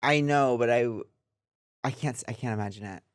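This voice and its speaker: A man's voice: medium pitch, a little fast, clear, resonant tone, no echo, studio quality. Joking, self-deprecating male podcast co-host. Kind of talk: casual chat.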